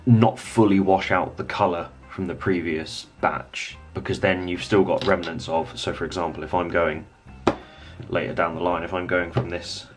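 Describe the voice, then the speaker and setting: A man giving a relaxed, rambling hobby painting tutorial, thinking aloud as he works. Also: sits low, moderate pace, faint music behind.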